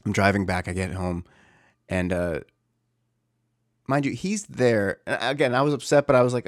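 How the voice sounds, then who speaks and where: A young man talks through a personal family story in a candid, searching way. His voice sits low and he keeps stopping to correct himself. The sound is close and dry, with no room around it. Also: normal speed, pauses often, dry recording. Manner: candid, searching, restarts often.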